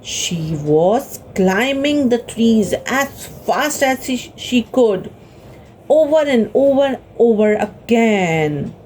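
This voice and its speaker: A woman with an Indian English accent telling a story to children, expressive and gasping, asking the children questions. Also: a little high, slow, slight background noise.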